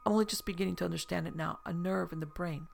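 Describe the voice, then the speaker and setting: Storybook role: narrator doing an eager, shaken woman patient, slightly raised pitch, gravelly. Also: fairly even intonation, fast talker, soft background music. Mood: relieved. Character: anxious, newly sighted woman patient.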